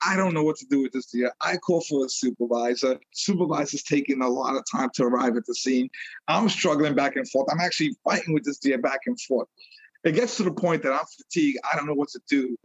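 A middle-aged man from New York telling a story in a casual interview, animated, laughing often and repeating phrases. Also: a little high, breathy edge, dry recording, lo-fi sound. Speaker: guest, retired police detective sergeant.

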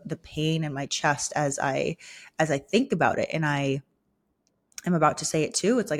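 A young woman hosting a personal podcast, speaking candidly and vulnerably with many fillers, emotional and close to tears. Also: sits low. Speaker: podcast host. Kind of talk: personal reflective monologue.

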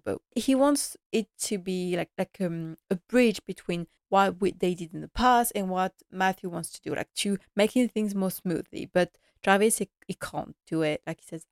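A woman's voice: medium pitch, normal speed, a little mellow, no echo, clean studio sound. A woman recapping a TV episode in a casual vlog, enthusiastic and chatty, laughing often and acting out the characters' lines. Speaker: TV episode reviewer.

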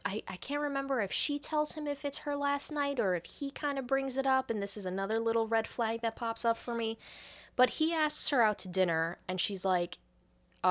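High-voiced woman recapping a movie. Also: fairly bright tone. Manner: loose, profane storytelling, quick laughs. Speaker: podcast co-host recapping a movie. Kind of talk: casual chat.

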